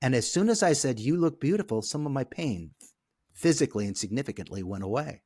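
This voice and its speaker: A man who is a podcast guest, telling a personal story in a lively way. He often checks in with the listener by asking "okay?". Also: mid-range voice, brisk, no room sound, studio quality.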